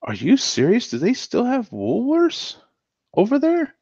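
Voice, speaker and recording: Man from the US, show host, casual chat, laughs a lot, lively pitch, dull dry recording. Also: a little slow, slightly rough, dry recording. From United States. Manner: laughs often, animated exclamations. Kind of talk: casual chat, reacting to viewer comments.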